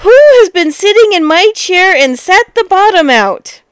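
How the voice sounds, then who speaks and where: A woman doing a squeaky, tearful little bear cub. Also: lively intonation, unhurried, no echo, studio quality, full character voice. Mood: angry. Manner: squeaky, loud and drawn out. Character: small young male bear, tearful and indignant.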